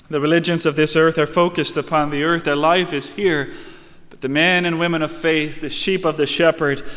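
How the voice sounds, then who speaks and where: A man preaching an earnest sermon, dropping to hushed, quiet lines and rising into excited, louder storytelling. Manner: earnest, swings from hushed lows to excited highs. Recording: long hall reverb.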